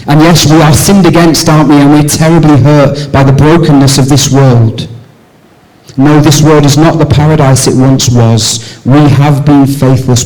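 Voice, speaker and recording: A pastor delivers a church sermon, posing rhetorical questions to the congregation. He moves between raised, emphatic lines and soft, low passages. The audio quality is poor.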